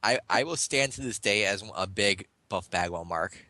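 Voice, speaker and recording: A man's voice: on the low side, moderate pace, bright, forceful tone. A young man interviewing over an online voice call, rambling eagerly with lots of ums. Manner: rambling, filler-heavy, eager fan.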